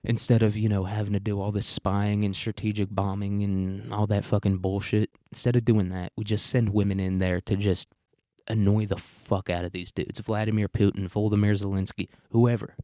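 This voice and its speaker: Young guy ranting, crude and deadpan, low-ish mellow voice, dry close mic. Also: normal speed, no echo. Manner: rambling, crude, deadpan provocative, many restarts. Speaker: podcast host. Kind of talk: satirical comedic rant.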